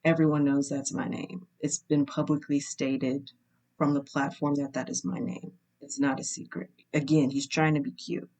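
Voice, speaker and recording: A young woman vlogger telling a personal story to camera in a candid, wry way, slowing down to stress her points. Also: low voice, little pitch movement, dark tone. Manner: candid and wry, slows for emphasis.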